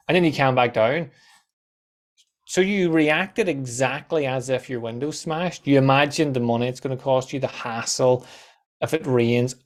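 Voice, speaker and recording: A man, a guest on a podcast, telling animated stories and acting out quoted voices, with casual swearing. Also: medium pitch. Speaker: guest, content coach.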